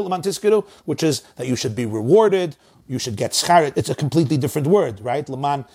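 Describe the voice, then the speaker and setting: A man's voice: mid-range voice, a little mellow, husky. A man giving a religious lesson who reads Hebrew phrases with an Ashkenazi pronunciation, translates them and repeats words to show how to say them. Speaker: Torah teacher. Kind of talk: lesson explaining a text line by line.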